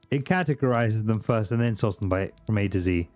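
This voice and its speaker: A man's voice: lowish voice, fairly quick, a little mellow, soft background music. A man from Britain, streaming a video game with casual, jokey and profane commentary to his chat.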